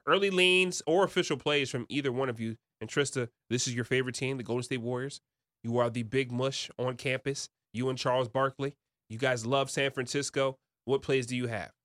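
Bright-voiced joking male betting host. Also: mid-range voice, fairly even intonation, fairly quick, no echo, studio quality. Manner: joking, teasing co-hosts. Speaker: sports betting show host. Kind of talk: casual sports betting chat.

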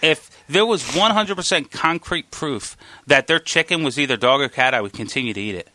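A man co-hosts a casual podcast chat with a bright, forceful, slightly high voice, joking and laughing along. The recording is dry and close-miked. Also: lively intonation, brisk, dry recording.

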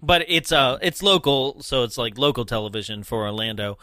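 A man co-hosting a casual podcast chat, quick and jokey, laughing often. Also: mid-range voice, lively intonation, sharp tone, no room sound, clean studio sound. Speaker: podcast co-host.

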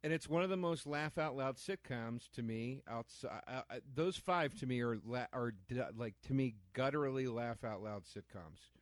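A man's voice: mid-range voice, normal speed, hardly any pauses, no echo, studio quality. A man co-hosting a casual film commentary podcast, enthusiastic, playful and emphatic. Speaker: podcast co-host.

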